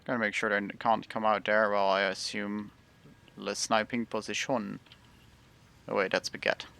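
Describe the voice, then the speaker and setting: A man's voice: on the low side, flat delivery, normal speed, vocal fry, sharp tone. A man streaming a tank game live, rambling through casual commentary and often breaking off mid-sentence. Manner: rambling, self-interrupting casual talk.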